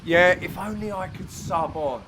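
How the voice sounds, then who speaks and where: A man giving jokey voice-over commentary on his own amateur match, teasing his friends with sudden loud exclamations. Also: high voice, measured pace, noisy background. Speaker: player and commentator.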